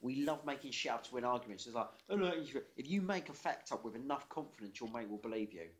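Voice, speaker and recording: A man's voice: medium pitch, fast talker. A man co-hosting a casual podcast chat, telling facts and jokes with sweary confidence. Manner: sweary, jokey, confident storytelling. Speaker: podcast co-host.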